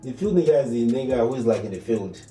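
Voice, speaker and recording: A man with a Nigerian accent, co-hosting a casual podcast chat in a relaxed, musing way. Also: mid-range voice, reverberant, recorded from a distance, soft background music. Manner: relaxed, musing, quick filler agreements. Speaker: podcast co-host.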